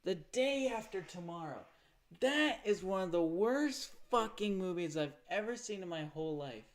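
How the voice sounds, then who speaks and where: A man's voice: sits high, expressive, normal speed. A man chatting casually on a livestream in a profane, rambling rant. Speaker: live streamer.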